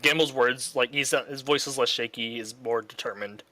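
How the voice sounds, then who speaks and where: A man's voice: medium pitch, moderate pace, pushed and bright, dry recording. A man chatting casually as a player in a tabletop role-playing game, rambling with loose fillers. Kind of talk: casual tabletop play chat.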